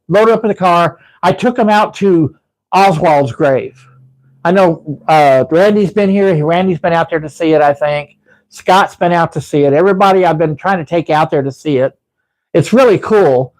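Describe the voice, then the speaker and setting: A man's voice: on the high side, normal speed, rough recording. A man hosting a live stream, telling a meandering story with lots of restarts. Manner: rambling storyteller, frequent restarts. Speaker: livestream host. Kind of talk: casual live-stream chat. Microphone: livestream setup.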